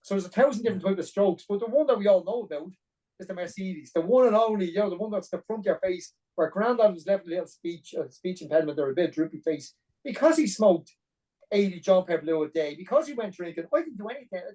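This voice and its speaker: Podcast guest: middle-aged man, rapid, warm-toned, earnest and blunt, sitting back from the mic. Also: sits high, expressive, distant mic, rough recording. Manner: blunt and earnest, peppered with "like" and "you know". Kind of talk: personal storytelling interview.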